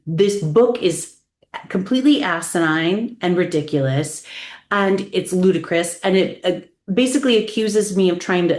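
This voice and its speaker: A woman's voice: fairly low pitch, a little mellow. Impassioned woman guest in an echoey room. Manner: impassioned and repetitive, angry. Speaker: podcast guest. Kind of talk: podcast interview.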